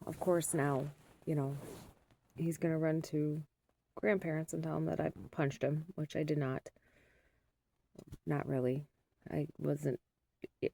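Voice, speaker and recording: Tired, gravelly low-voiced woman. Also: warm tone. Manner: rambling and weary, talking it through. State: sleep-deprived. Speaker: mother vlogging. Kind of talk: casual rambling vlog.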